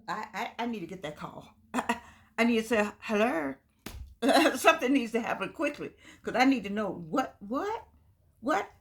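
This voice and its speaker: Chatty older Southern woman vlogger. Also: medium pitch. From United States. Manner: chatty, folksy, digressing, with laughs. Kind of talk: casual talk to camera.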